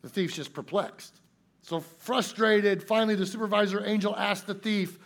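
A man preaching a sermon in a folksy, emphatic way, slowing down to stress key points. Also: sits high, gravelly, a bit bright. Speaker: pastor.

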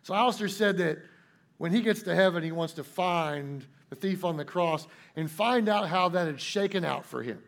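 A pastor preaches in a folksy, emphatic style, stretching out his key points at a moderate pace. His voice is high for a man, with a gravelly, creaky texture.

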